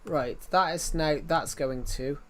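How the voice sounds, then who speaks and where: Rambling streamer man, slightly high voice. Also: takes it slowly, fairly bright tone, slight background noise. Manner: rambling, chatty, often restarts mid-sentence. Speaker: game streamer. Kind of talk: casual live-stream chat.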